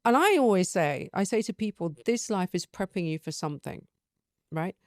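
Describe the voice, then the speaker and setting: A middle-aged woman hosting a casual spiritual chat, animated and acting out her own inner dialogues. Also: medium pitch, normal speed, no echo, clean studio sound. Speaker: podcast host.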